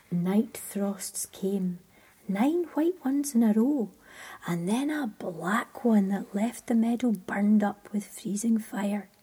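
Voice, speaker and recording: A woman telling a story in a soft, hushed whisper. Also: a little high, slightly rough.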